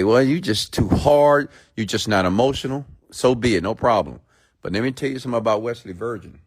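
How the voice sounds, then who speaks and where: A man hosting a live stream, ranting bluntly and preachily at his viewers, often checking in with "okay?" and reading out their comments. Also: mid-range voice. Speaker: host.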